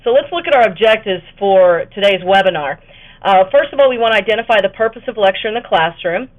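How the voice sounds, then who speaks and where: A woman's voice: mid-range voice, lively intonation, quick pace. A woman presenting an instructional webinar to fellow educators, talking conversationally with fillers and the occasional self-correction. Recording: tinny phone-like webinar audio.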